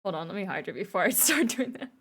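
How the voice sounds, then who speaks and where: A woman's voice: medium pitch, big pitch swings, fast, fairly bright tone, slightly rough. A young woman streamer chatting casually with viewers and reading their messages aloud, playful and laughing often. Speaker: livestreamer.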